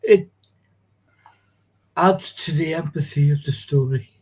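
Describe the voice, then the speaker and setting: Slow husky Liverpool man. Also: fairly high pitch, a little mellow. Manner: dry, brief reactions. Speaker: host. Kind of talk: casual chat.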